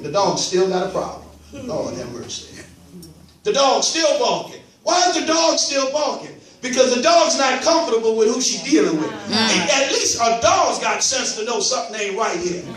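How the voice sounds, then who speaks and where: A male pastor preaching an animated sermon, repeating catchphrases to his congregation. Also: extremely high pitch. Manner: animated call-and-response preaching, repeats "watch this". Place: church sanctuary. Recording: echoey church hall from far off.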